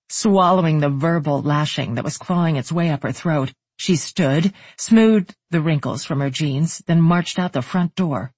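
An audiobook narrator reading a novel in steady, even storytelling. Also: mid-range voice, normal speed, few pauses, breathy edge, dry recording.

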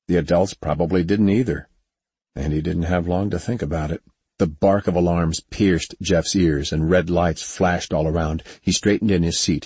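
Male audiobook narrator, low and husky, even unhurried read. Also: no echo.

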